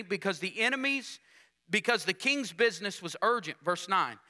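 Male preacher, high and very bright tone, call-and-response sermon with dramatic scripture reading. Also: animated, moderate pace. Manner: call-and-response preaching, rhetorical questions to the congregation; reads scripture aloud with dramatic emphasis.

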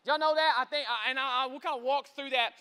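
A male pastor preaching an energetic sermon, stammering and repeating words and often asking "right?" to the congregation. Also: very high voice, fast, clean tone. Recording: echoey large hall.

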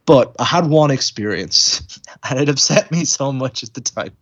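A man chatting casually on a podcast, his story full of quoted voices and stammering restarts. The pitch sits mid-range, and the recording is a little muffled and lo-fi. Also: expressive, moderate pace, fairly bright tone. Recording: dull lo-fi sound.

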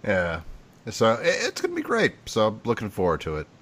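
Really deep voiced guy on a game podcast, dry jokey asides. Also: wildly swooping pitch, fairly quick, fairly bright tone. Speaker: podcast co-host. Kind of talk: casual chat.

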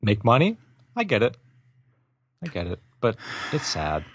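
A man's voice: medium pitch, wildly swooping pitch, measured pace, slightly rough, dry recording. A man co-hosting a casual podcast, giving dry, wry play-by-play. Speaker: podcast co-host. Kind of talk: casual wrestling recap chat. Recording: dull, dry lo-fi mic.

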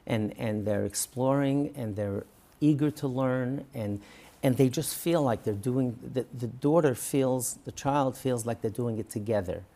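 A man's voice: mid-range voice, measured pace. A man who is a rabbi, talking earnestly in an interview and often acting out the words of parents and coaches. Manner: earnest, animated, acts out parents and coaches in quoted speech. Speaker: rabbi and guest. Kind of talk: conversational interview.

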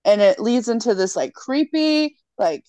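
Casting: young woman, podcast co-host, lively storyteller who swears freely, dry close sound. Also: on the high side, unhurried, smooth, no room sound. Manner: animated storyteller, swears freely, acts out lines. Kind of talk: casual chat, retelling a horror movie.

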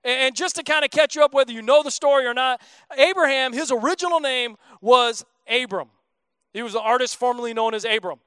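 A man's voice: extremely high pitch, brisk, pushed and bright, smooth, no room sound. A man in his thirties preaching a sermon as a pastor, in a casual, joking, conversational way.

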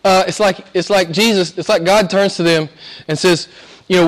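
A man preaching a sermon, swinging from hushed, whispered lines to loud, high exclamations, with playful asides and frequent laughs. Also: fairly even intonation, normal speed.

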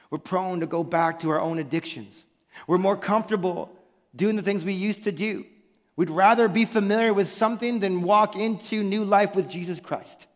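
Pastor, man, high-pitched voice; emphatic sermon delivery with rhetorical questions, long church-hall reverb. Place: church sanctuary.

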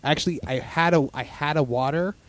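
A man's voice: fairly high pitch, fairly quick. A man in casual chat as a podcast host, rambling with lots of fillers and restarts.

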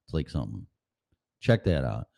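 A man's voice: very deep voice, very animated, moderate pace, gravelly, darkish tone. A man from Chicago with a Chicago accent, talking casually and sarcastically in a rambling, profane monologue. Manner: profane, sarcastic, jumps between jokes and voices. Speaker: vlogger.

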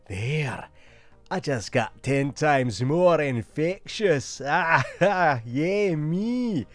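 A man's voice: a little high, exaggerated voice. A man voicing a boastful, mocking young coronavirus in a comedy sketch, with a sarcastic, taunting drawl.

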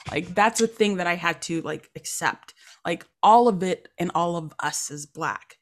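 A woman podcast host who grew up in Nigeria speaks in a somewhat low voice. She chats in a casual, expressive way and punctuates her guest's points with emphatic exclamations. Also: normal speed. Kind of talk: casual conversational interview.

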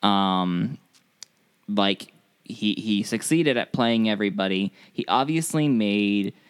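Brief: chatty podcast host, smooth clear voice, prompting questions. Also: male voice, on the low side, lively intonation, dry recording. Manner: questioning, laughs often, halting with fillers. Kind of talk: casual chat.

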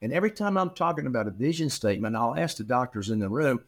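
A middle-aged man, a practice management consultant appearing as a guest on a podcast interview, talks fast at medium pitch. He tells a long anecdote, acting out the quoted dialogue with animation, and often restarts sentences and repeats words.

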